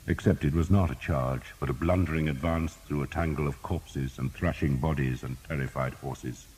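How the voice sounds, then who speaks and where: A man narrating a historical battle audiobook in steady, measured storytelling. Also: a bass voice, slight background noise, rough recording.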